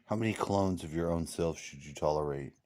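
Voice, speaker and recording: A drowsy man rambling deadpan as he waits for a ride, his voice trailing off quietly. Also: sits low, brisk. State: sleepy. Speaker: vlogger. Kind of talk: rambling casual monologue.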